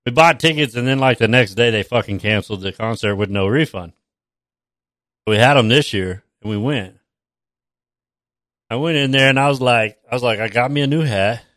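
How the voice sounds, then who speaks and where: Guy cussing and laughing on stream, bright voice, dry close sound. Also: medium pitch, normal speed, pauses often, no room sound. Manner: laughs often, crude and drawling. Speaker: stream co-host. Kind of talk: casual profane chat.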